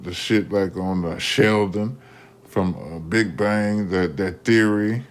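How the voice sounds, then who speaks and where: A man telling a casual story in an animated, slangy way, often restarting mid-sentence and tossing in "man.". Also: low-pitched.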